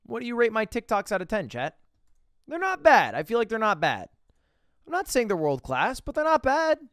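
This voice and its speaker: An animated young man talking to his stream chat, and his pitch swings widely as he jokes and complains. The mic is close and dry, with no room sound. His delivery is loose and casual, full of swearing. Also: moderate pace, clear, resonant tone, no room sound.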